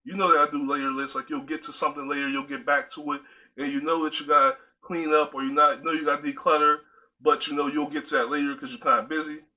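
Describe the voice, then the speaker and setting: A man talks straight to his viewers in a casual, preachy way. His voice sits high and sounds very bright. He keeps calling his listeners y'all. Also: level tone, fast, low-quality recording. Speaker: video host. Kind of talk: casual direct-to-camera talk.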